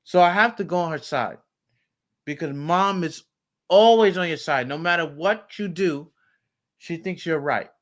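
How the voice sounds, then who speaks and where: A man in a heated family argument as a father, talking in a raised, forceful, lecturing way. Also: on the high side, unhurried. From United States.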